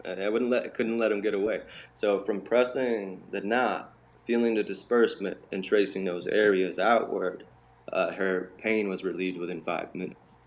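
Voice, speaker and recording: A man with a lowish voice, talking at normal speed, tells a long personal story as an interview guest. A bodywork healer, he speaks in an animated, conversational way and slips into the voices of the people he quotes.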